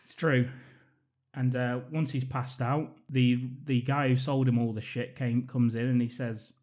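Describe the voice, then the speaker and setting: A man's voice: medium pitch, flat delivery, unhurried, a bit bright. A man co-hosting a casual film podcast, recapping the plot plainly with casual swearing. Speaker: podcast co-host.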